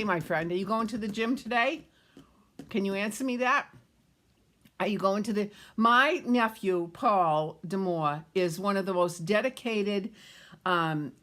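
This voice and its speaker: A woman's voice: medium pitch, a bit bright. A middle-aged woman chatting casually as she shows handmade cards on a livestream, rambling and greeting viewers by name. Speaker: card-making livestream host.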